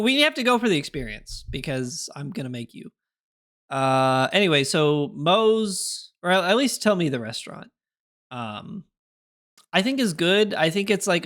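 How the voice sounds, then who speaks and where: Rambling, lively young man streaming. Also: fairly high pitch. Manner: rambling and chatty, answering chat with laughs. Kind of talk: casual live-stream chat.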